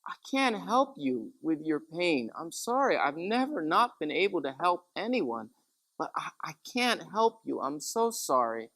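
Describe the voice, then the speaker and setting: A man voicing a calm, faithful elderly nun with a gentle, firm humor. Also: on the high side, unhurried, exaggerated voice. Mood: sorrowful.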